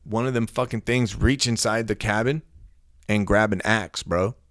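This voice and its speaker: Slangy, low-voiced storytelling man. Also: normal speed, no room sound, studio quality. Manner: profane, slangy, animated retelling. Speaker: podcast host. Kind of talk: casual storytelling.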